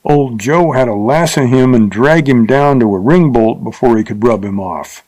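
A man's voice: medium pitch, moderate pace, a little mellow, close to an everyday voice. A man voicing an astonished frontier stable keeper in a Western storybook. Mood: amazed.

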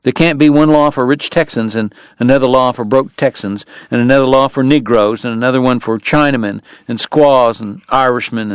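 A man's voice: mid-range voice, smooth, no echo, lightly acted. A man doing a stubborn frontier lawman. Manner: firm, plain-spoken, insistent.

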